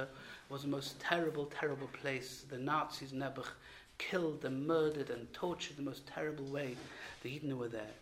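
A woman giving an earnest Torah lesson. She grows loud and emphatic when she quotes the texts. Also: sits low, a little hiss or hum. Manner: earnest, swells loudly when quoting the texts. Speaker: Torah teacher.

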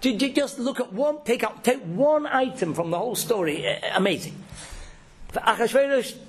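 A man's voice: extremely high pitch, animated, normal speed. A man speaks to a gathering as a religious teacher. He tells his lesson with emphasis, often stumbling over repeated words before pushing on. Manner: emphatic and storytelling, with frequent repeated words and restarts. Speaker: religious teacher giving a talk. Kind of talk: informal religious talk to a gathering.

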